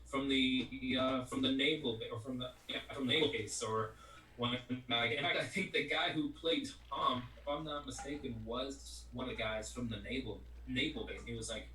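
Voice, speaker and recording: A man's voice: mid-range voice, normal speed, pushed and bright, a little hiss or hum. A man who works as a voice actor, guesting in a casual interview and talking at length in a loose, rambling way. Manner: rambling, peppered with "you know what I mean". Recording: roomy echo, distant from mic.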